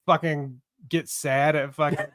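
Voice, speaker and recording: High, bright, giggly podcast co-host man. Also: level tone, a little slow, no room sound, clean studio sound. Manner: giggly, self-mocking, reads listener comments aloud. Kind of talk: crude comedic podcast banter.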